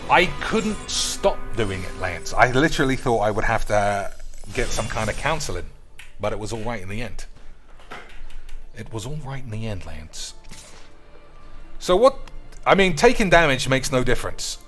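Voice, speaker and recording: A man's voice: medium pitch, big pitch swings, moderate pace, pauses often, fairly bright tone, soft background music. A man giving teasing, drawling commentary on his gameplay stream. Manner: drawling, teasing, addresses viewers as boys and lads.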